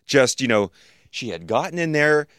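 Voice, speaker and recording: A man's voice: medium pitch, lively intonation, moderate pace, a bit bright, clean tone, dry recording, clean studio sound. A man telling stories in a casual podcast chat, rambling and often trailing off into fillers like "you know.". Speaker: podcast co-host.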